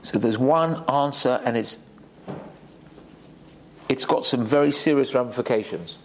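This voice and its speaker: Rabbi giving a class, emphatic, lively swooping voice, high for a man. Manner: animated, emphatic, with Hebrew terms. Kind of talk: sermon. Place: community synagogue hall.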